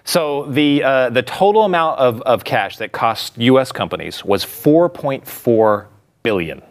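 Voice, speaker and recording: A man's voice: mid-range voice, animated, a little slow. A man co-hosting a political talk show, explaining things casually with lots of fillers. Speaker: co-host.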